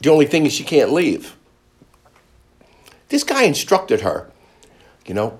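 Animated husky male preacher. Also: a little slow, long pauses. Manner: animated, jumps into loud high-pitched quoted voices; joking with the congregation. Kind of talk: testimony sermon.

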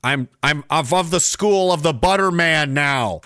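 Brief: male stream host, sarcastic rant, bright and fairly high voice, dry sound. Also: a little slow, clean tone, no room sound. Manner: sarcastic, mocking, rambling. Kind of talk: ranting live-stream commentary.

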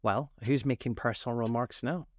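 A man's voice: mid-range voice, big pitch swings, brisk, a little mellow, no echo, lightly acted. A man voicing a rude, eccentric male hatter who mocks and snaps. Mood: mocking. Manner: snappish, triumphant.

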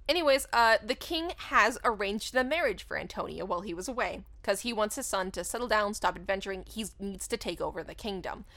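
This woman, a podcast co-host, has a medium-pitched voice and speaks fairly quickly with few pauses. Chatting casually, she retells a movie's story with lively energy, performing the characters' dialogue herself.

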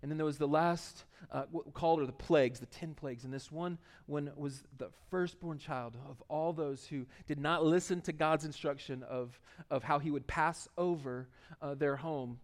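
A man's voice: a little high, fairly even intonation, moderate pace. A male pastor giving an informal, conversational sermon and often repeating words as he starts his sentences.

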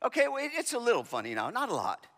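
A pastor telling a personal story in a sermon, animated, swinging from shouting to hushed. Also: male voice, very high-pitched, fast, in a large hall.

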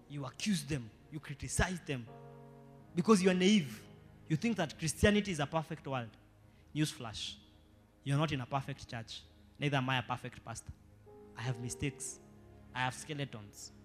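A male pastor with a Kenyan accent preaching a sermon, building to shouted emphasis with playful Swahili asides. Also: fairly high pitch, normal speed, pauses often. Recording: live church sermon with long reverb and faint music.

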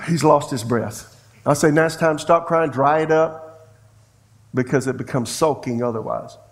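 A middle-aged pastor preaches a sermon in a fairly high-pitched voice at normal speed. He's a folksy storyteller who acts out family dialogue as he goes.

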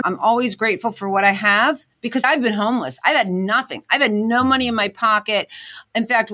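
A woman's voice: fairly high pitch, pushed and bright. A woman guest in an interview, talking earnestly about her path as an inventor and motivational speaker. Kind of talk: candid interview talk.

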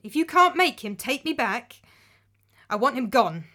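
A woman's voice: sits high, very animated, measured pace, sharp tone, pitched above the performer's own voice, full character voice. A woman voicing a nervous, awkward young miller's wife who pleads for help. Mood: resolute.

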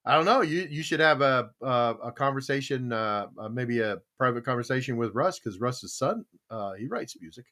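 A man's voice: expressive, normal speed, hardly any pauses, pushed and bright. A man hosting a casual podcast, teasing his guests and telling funny stories. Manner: jokey, teasing, with high-pitched exclaims. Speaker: podcast host.

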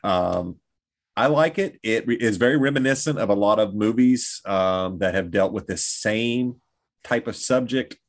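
A man, an actor co-hosting a casual film podcast, relaxed and swearing easily. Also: fairly low pitch, a little slow. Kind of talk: casual chat.

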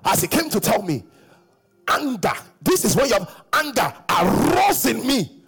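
A middle-aged pastor preaching a sermon, breaking into sung phrases and shouts and acting out quoted voices. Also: male voice, very high voice, big pitch swings, a little slow, vocal fry, slight background noise.

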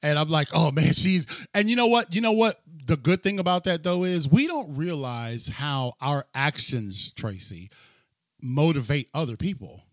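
A man's voice: fairly high pitch, animated, normal speed, dry recording, clean studio sound. A man hosting a podcast, introducing his guest with a sing-song, showman's build-up, then chatting casually over a remote link. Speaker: podcast host. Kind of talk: hyped podcast introduction and chat.

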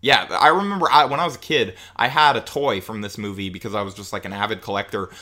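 A man's voice: on the low side, fast talker. A young man co-hosting a casual podcast chat, talking animatedly with lots of fillers. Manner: animated, many "like" fillers, acts out quotes. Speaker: podcast co-host.

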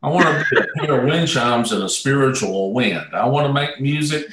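A man's voice: mid-range voice, a little fast, background noise. A man speaking as a guest musician, thoughtful and searching for words as he reflects. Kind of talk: reflective conversation. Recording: echoey room, distant mic.

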